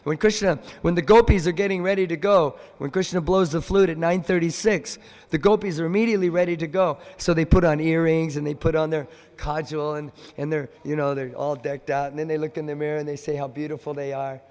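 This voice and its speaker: Brief: male temple lecturer, animated storyteller, slightly high pitch, long hall reverb. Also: brisk. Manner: animated storyteller who acts out the voices in his stories. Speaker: visiting speaker at a temple.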